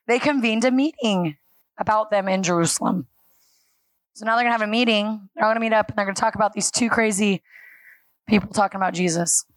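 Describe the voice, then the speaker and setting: A woman preaching a sermon to a church congregation, telling stories with animated acted-out dialogue. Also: medium pitch, fairly quick, pauses often, no room sound. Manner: animated storytelling, acting out dialogue and laughing.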